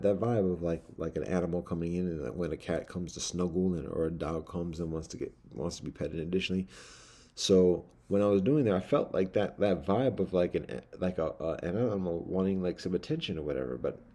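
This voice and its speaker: A man's voice: low voice, warm tone, slightly rough. A man telling a personal story in a casual, rambling monologue with many asides. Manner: rambling, loose, full of fillers and asides.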